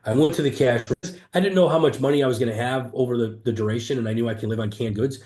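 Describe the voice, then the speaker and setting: A man being interviewed as an entrepreneur opens up about a difficult period in his life, telling it earnestly and emphatically and often restarting his sentences. He talks rapid-fire in a warm, mid-range voice, with roomy echo around him.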